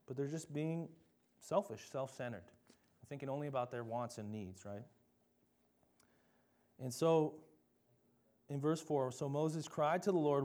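A man's voice: medium pitch, measured pace, long pauses, darkish tone. A young man preaching a sermon in a conversational, self-deprecating way, reading scripture and mocking complainers with dramatic voices.

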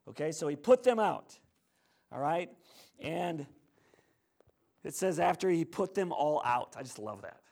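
A male pastor preaching a sermon in church, telling the story in a lively, conversational way that swings between hushed and loud. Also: fairly high pitch, measured pace, gravelly, long pauses.

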